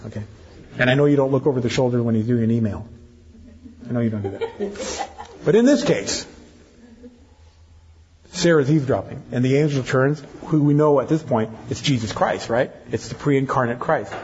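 A man's voice: mid-range voice, a little mellow. An older man preaching a sermon to his congregation, with teasing asides to the ladies in the pews. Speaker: pastor. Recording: dull lo-fi church recording.

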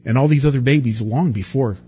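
A man preaching a sermon, lively and dramatic, acting out the people he quotes with big swings in his voice. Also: medium pitch, a little fast, highs cut off, a little hiss or hum. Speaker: pastor.

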